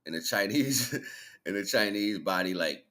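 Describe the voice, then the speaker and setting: A man's voice: lowish voice, lively intonation, unhurried, sharp tone. A man hosting a livestream, talking in a loose, rambling, slang-filled way and laughing as he retells things. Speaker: livestream host. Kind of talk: casual spiritual monologue.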